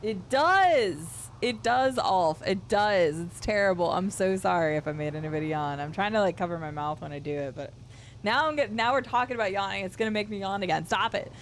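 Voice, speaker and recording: A woman streamer chats casually while playing a game, rambling and playfully teasing with her viewers. She talks quickly in a lowish voice, with slight background noise.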